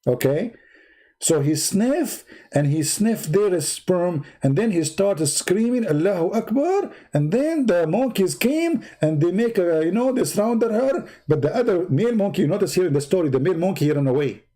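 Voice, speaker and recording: Man, livestream host, sarcastic, animated, nonstandard English, warm mellow tone. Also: high voice, moderate pace. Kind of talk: mocking religious commentary, casual.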